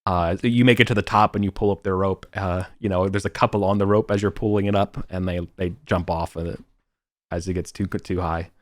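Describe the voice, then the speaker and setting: A man narrating as game master over a voice call, halting and full of fillers. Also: low voice, fairly even intonation, dry recording, clean studio sound. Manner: halting, many fillers and restarts. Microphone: computer mic on voice call.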